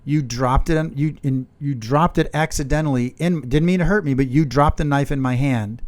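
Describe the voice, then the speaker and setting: A man with a fairly high, slightly mellow voice co-hosts a podcast with his partner, speaking at a moderate pace. In a candid couple's chat, he talks earnestly about their fights and acts out both sides.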